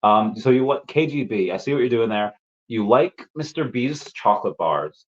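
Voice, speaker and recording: A man with a fairly low voice chats loosely on a live stream, tripping over repeated words and breaking into laughter. He coughs now and then as he gets over an illness. The audio is muffled and lo-fi. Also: animated, normal speed. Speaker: livestream host answering chat. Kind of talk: casual live chat.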